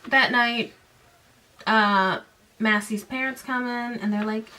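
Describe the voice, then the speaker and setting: A woman in her late twenties to thirties hosting a podcast, recapping a book in a casual way with sarcastic, animated, mocking asides. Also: mid-range voice, slow pace, far from the mic, slight background noise. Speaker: podcast host.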